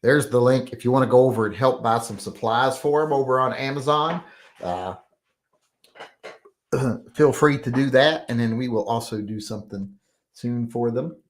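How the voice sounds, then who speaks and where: Reading viewer comments aloud during a casual live chat, a man rambles between them, clearing his throat and using many fillers. His voice is mid-range and his pace normal.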